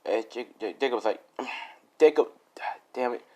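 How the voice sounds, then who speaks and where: Young man, slow pace, rambling, laughs at his own story, casual improvised storytelling. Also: medium pitch, dark tone. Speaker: fan-fiction storyteller.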